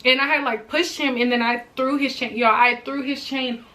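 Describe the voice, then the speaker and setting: A young woman vlogger telling a personal story in a chatty, animated way, often turning to her viewers. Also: high-pitched, moderate pace, slight background noise. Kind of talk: storytime vlog.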